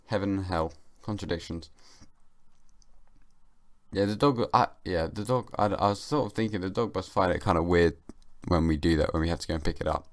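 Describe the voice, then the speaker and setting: A young man hosting a casual solo podcast, sleepy and just woken, musing in a rambling, deadpan comic way. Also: low-pitched, no room sound, clean studio sound. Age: young adult. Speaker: podcast host. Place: at home, downstairs.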